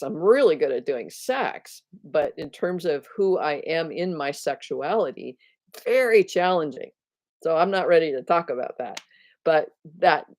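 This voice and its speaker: A woman's voice: sits low, darkish tone, no echo. Reflective woman, self-mocking spiritual vlogger. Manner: laughs at herself, thinks aloud with restarts. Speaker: spiritual teacher and video host. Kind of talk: casual reflective talk to viewers.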